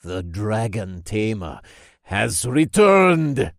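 A man puts on an ominous middle-aged cult leader who speaks very slowly and weightily. His pitch swings widely and the sound is dry. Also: animated, mellow, no room sound, heavily acted. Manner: slow and ominous.

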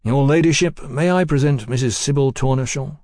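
A man's voice: mid-range voice, brisk, a little mellow, no room sound, studio quality, voice pushed up, lightly acted. Casting: male narrator doing a reserved, polite escort, restrained delivery. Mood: courteous.

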